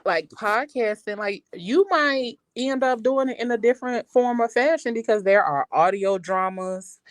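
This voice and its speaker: A woman talking loudly and energetically in a casual podcast chat, full of slang and laughter. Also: normal speed, no room sound, clean studio sound. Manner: loud, high-energy and animated. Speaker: podcast guest.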